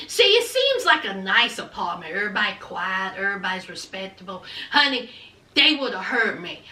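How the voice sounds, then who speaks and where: A woman's voice: a little high, sharp tone, echoey room, distant mic. A woman recapping a reality show in sassy, casual commentary, talking straight to her viewers. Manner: sassy, talks straight to viewers with "honey" and "child".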